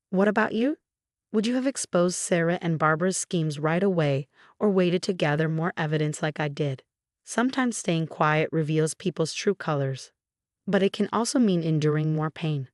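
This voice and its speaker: A woman narrating a first-person family drama story in an even, measured storytelling manner. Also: low-pitched, dry recording, clean studio sound.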